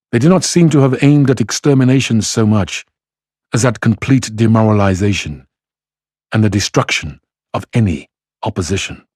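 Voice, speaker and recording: A man reading passages of a classic novel aloud in a measured, even delivery. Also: lowish voice, slightly rough, no room sound, clean studio sound. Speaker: reader.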